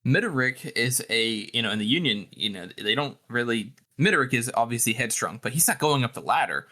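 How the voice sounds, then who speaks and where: Male co-host, bright tone, rambling casual podcast chatter with frequent fillers. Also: medium pitch, animated, brisk. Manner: rambling, many fillers and restarts. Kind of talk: casual book discussion.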